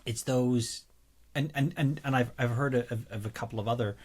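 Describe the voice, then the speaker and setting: A man's voice: medium pitch, a little mellow, husky. A man hosting a podcast, asking interview questions and often repeating words as he searches for what to say. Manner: halting, repeats words while finding his phrasing. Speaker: podcast host. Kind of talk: interview questions, casual chat.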